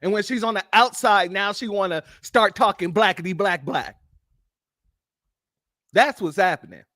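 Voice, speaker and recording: A man's voice: sits high, moderate pace, bright, forceful tone, no echo, studio quality. A man hosting political commentary, blunt and mocking, firing off rhetorical questions. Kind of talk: ranting commentary on news clips.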